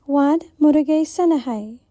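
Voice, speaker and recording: A woman saying short phrases slowly and clearly for young learners to repeat. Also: high voice, mellow, no room sound.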